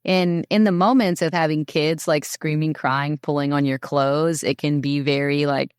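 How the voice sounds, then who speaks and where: A woman's voice: low voice, steady tone, normal speed, clean tone, no echo, studio quality. A woman speaking as a podcast guest, giving casual advice in a rambling way with many fillers. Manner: rambling, filler-heavy talk. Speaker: podcast guest, mother and herbal maker.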